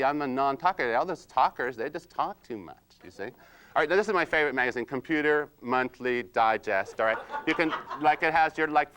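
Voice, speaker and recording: A man playing a quiet, precise, nerdy analyzer-type husband in comedic role-play, slow and hesitant with many ums and "you see?". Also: mid-range voice, a little hiss or hum, lightly acted. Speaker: personality-styles trainer.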